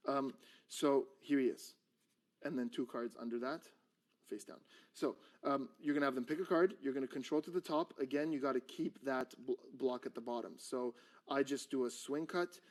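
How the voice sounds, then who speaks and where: A man walks through a card trick step by step in relaxed, conversational talk. His pitch sits mid-range, and he slips into mock-annoyed patter as he plays it out. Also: normal speed. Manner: animated, acts out exasperated patter with a drawn stick figure. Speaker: magician teaching a card trick. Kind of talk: casual teaching chat.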